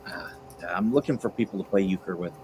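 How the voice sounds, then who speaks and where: Low-voiced hesitant man on stream. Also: darkish tone, low-quality recording. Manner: hesitant, apologetic, halting restarts. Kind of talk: casual chat on a livestream call. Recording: livestream call audio with faint noise.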